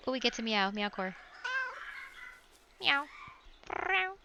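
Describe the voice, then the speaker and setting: A woman streaming a game, reading its text aloud and chatting with a giggly, animated manner. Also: fairly high pitch, unhurried, noisy background. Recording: dull lo-fi stream audio with music.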